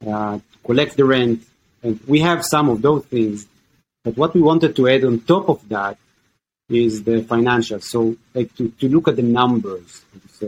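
A man's voice: medium pitch, rough recording. A man hosting a podcast, speaking hesitantly and searching for his words. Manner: hesitant, many fillers and restarts, searching for words. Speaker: podcast host. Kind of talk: casual podcast chat.

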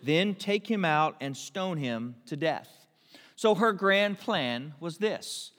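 A man preaching a storytelling sermon, his voice set a little high for a man. He acts out the characters now and then. A long reverb trails each phrase, as in a big church hall. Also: animated, slow, a bit bright. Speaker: pastor.

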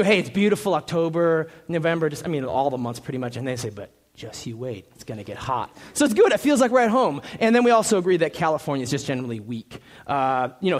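A young pastor from Minnesota preaching a sermon, friendly and joking, with frequent fillers and restarts. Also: male voice, a little high.

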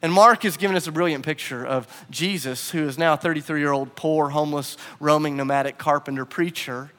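A man preaching a sermon as pastor, animated in his storytelling and acting out the quotes. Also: on the high side, a little fast, big-room sound.

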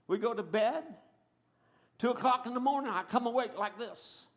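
A middle-aged man preaching a sermon, telling stories dramatically and swinging from a hush to a shout. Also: very high-pitched, moderate pace. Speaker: pastor.

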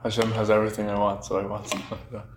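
Male student, rapid monotone replies, noisy roomy class audio. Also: lowish voice. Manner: quick, flat answers from the class.

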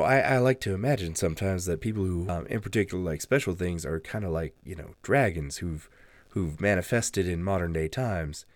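Rambling, friendly low-voiced man. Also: dry recording. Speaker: tabletop game player. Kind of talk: in-character tabletop chat.

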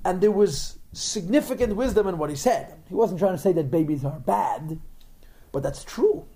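A man's voice: high-pitched, lively intonation, normal speed, dark tone. A man teaching a religious text, explaining in a digressive way with frequent repeated words. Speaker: Torah teacher.

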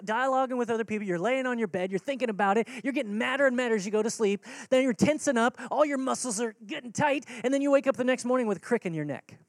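A man's voice: very high-pitched, no room sound. Earnest man preaching a sermon, dry sound. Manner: earnest, conversational preaching with repeated key words. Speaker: pastor.

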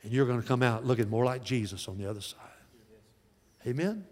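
A man of forty or older preaching a sermon in a folksy way, dropping to soft, slow lines and rising to loud calls. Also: medium pitch, long reverb tail. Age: 40s or older. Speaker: pastor.

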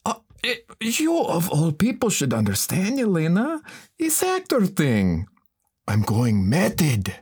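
In a comedy sketch, an actor plays a brash man who speaks broken English, drops his articles and insists on a swaggering Texan persona. It's a full character voice: high-pitched with wildly swooping pitch, slow, darkish and breathy, with an insistent mood.

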